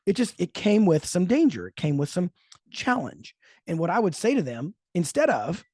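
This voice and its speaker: Higher-pitched man, dry close sound. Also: moderate pace, slightly rough, dry recording. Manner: thoughtful, storytelling, lively emphasis. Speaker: podcast host. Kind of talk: casual chat.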